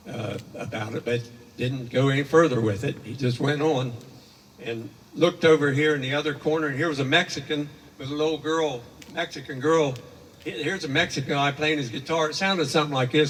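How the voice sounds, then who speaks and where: A man's voice: medium pitch, fairly even intonation, normal speed. An older man rambling through a folksy spoken story with homespun asides, heard from far off in an echoey hall. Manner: rambling, homespun, with many fillers.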